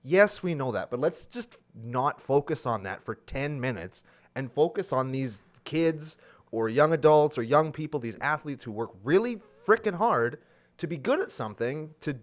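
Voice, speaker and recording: A man co-hosting a casual podcast from Canada, ranting in a jokey, animated way about a news story. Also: a little high, moderate pace. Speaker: podcast co-host. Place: indoor studio table.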